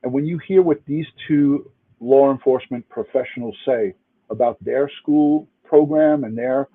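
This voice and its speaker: The man's mid-range voice is slightly rough and runs at normal speed over a tinny phone-like line. A retired New York City detective, he comments angrily and emphatically to a livestream chat, swearing and restarting.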